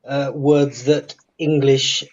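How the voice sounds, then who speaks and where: A man's voice: mid-range voice, little pitch movement, slow pace, darkish tone, lo-fi sound. A man in casual chat, asking curious questions and paying compliments. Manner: inquisitive, complimentary. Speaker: chat participant.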